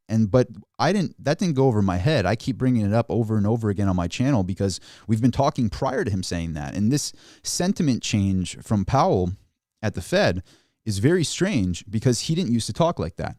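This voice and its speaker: A man with a lowish, dark, mellow voice talks through market charts on a live stream. He is animated and throws in mocking asides in quoted voices. The sound is dry and close. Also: fairly quick, no room sound. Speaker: finance channel host.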